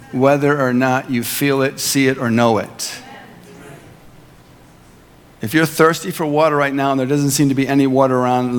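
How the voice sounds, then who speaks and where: A male pastor giving a sermon, earnest and emphatic, slowing down on key phrases and slipping in playful asides. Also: mid-range voice, big-room sound.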